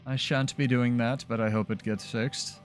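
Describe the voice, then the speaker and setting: A man's voice: mid-range voice, steady tone, moderate pace, faint music behind. A man talking casually as a streamer during live gameplay, loose and chatty with many fillers.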